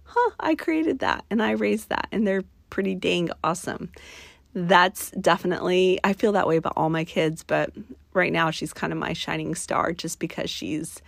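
Scratchy-throated woman podcaster, low-pitched. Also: no room sound. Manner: chatty and warm, with fillers and asides to listeners. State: scratchy, slightly nasal throat. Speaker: podcast host. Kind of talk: casual solo podcast chat.

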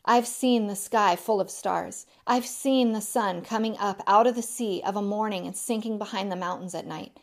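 A woman's voice: mid-range voice, normal speed, hardly any pauses, lightly acted. A woman voicing a gloomy, stubborn male marsh creature who talks short of breath. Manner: stout, breathless, plain-spoken.

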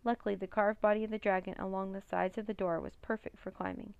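A woman reads a children's chapter book aloud in a steady, plain manner. Her voice has a gravelly, creaky texture, and the recording is dry and close, with no room sound. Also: mid-range voice, fast, no room sound, narrow, tinny audio. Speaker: narrator. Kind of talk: storybook read-aloud.

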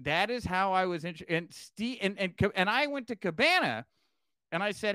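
A man's voice: expressive, moderate pace, bright, forceful tone, smooth, no room sound, clean studio sound. A young man, a podcast guest, telling a story with lots of cursing and acted-out quotes. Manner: swings pitch widely acting out quotes, curses freely. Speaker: podcast guest, former wrestling manager. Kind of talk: animated storytelling.

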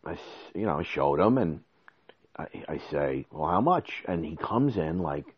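A man telling a story casually and animatedly, acting out quoted lines with sudden high exclamations. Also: animated, normal speed, husky, dull audio.

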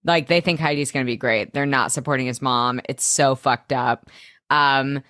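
Low-voiced young woman, gushing. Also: fairly even intonation, moderate pace, fairly bright tone, no room sound, clean studio sound. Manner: enthusiastic, gushing, says babe. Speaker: podcast co-host. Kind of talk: casual recap chat.

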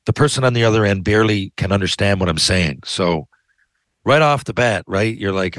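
A man's voice: fairly low pitch, expressive, brisk, fairly bright tone, dry recording. A man in a heated, profane, rambling rant, often restarting his sentences. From Canada. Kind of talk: ranting monologue.

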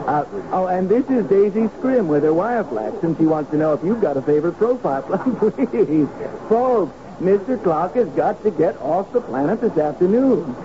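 A flustered, high-voiced aide. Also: male voice, expressive. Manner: flustered, hurried, stammering. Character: hurried male press aide, harried. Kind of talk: vintage radio drama acting. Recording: lo-fi old radio recording with noise.

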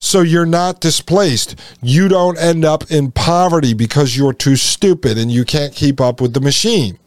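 A man's voice: on the high side, a little slow, no room sound, clean studio sound. A man hosting his own podcast, delivering an emphatic solo monologue, repeating points and addressing listeners as folks. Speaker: podcast host.

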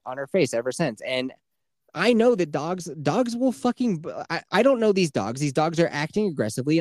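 A man's voice: on the high side, no room sound, clean studio sound. Profane man telling a story. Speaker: podcast host. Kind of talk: casual storytelling chat.

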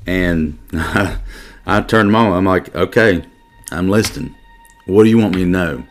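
A middle-aged police detective tells a personal story during an interview, earnest and emotional, often stopping and restarting. His voice sits low, and faint music plays in the background.

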